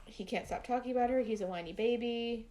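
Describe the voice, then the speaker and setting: Rambling, animated woman on a phone call. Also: fairly high pitch, fairly quick. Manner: rambling, animated, filler-heavy. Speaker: podcast co-host. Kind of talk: casual chat.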